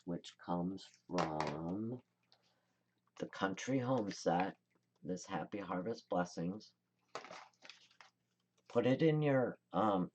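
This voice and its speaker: Slow, deep-voiced woman demonstrating crafts. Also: a little mellow, lo-fi sound, a little hiss or hum. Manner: chatty, rambling, thinks aloud while working. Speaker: card-making tutorial host.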